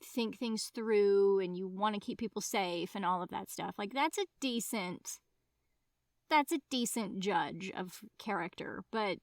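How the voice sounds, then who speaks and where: A woman's voice: medium pitch, unhurried, no echo, studio quality. A woman co-hosting a casual book podcast, agreeing eagerly and reasoning through her views. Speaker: podcast co-host.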